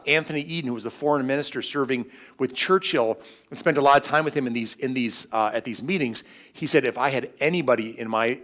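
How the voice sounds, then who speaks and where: Middle-aged guy lecturing on history in a church hall, lively, lots of restarts and asides. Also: medium pitch. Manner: animated, quick asides and restarts.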